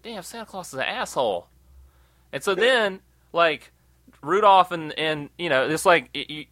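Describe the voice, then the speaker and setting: Casual male co-host, bright, slightly high voice, dry close sound, swears a lot while ranting. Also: moderate pace, dry recording. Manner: animated storyteller, swears often, acts out quotes. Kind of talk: casual profane chat.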